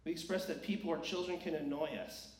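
An earnest sermon comes from a male preacher whose fairly high voice holds a steady tone as he talks fast, pushing his argument through rhetorical questions. The mic is set back, and the church hall echoes.

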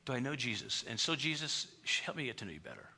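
A middle-aged male pastor preaching a storytelling sermon, animated, acting out the dialogue he quotes. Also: mid-range voice, fast, vocal fry, a little hiss or hum.

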